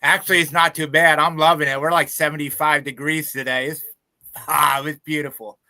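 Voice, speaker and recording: A man from Philadelphia chats about his betting picks in an easygoing way. His voice is very sharp and tense, with a slightly high pitch and a dry, close sound. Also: level tone, a little fast, no echo. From Philadelphia, USA. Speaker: show handicapper. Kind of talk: casual sports betting chat.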